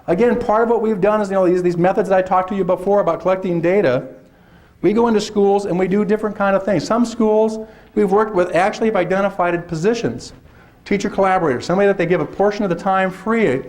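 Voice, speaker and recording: A man presents a workshop to teachers in a lively, conversational lecture. His voice sits fairly high, and he keeps slipping into quick put-on voices to act out the teachers he talks about. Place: lecture hall.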